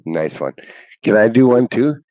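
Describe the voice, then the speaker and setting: A man in casual chat, excitable and teasing, often laughing. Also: medium pitch, normal speed, dry recording. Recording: dull lo-fi sound.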